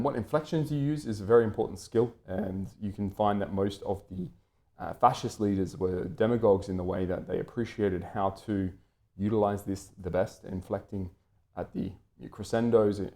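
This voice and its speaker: A man's voice: low-pitched, warm tone. A man from Britain talking through an unscripted, lecture-style commentary, wordy and full of fillers and restarts.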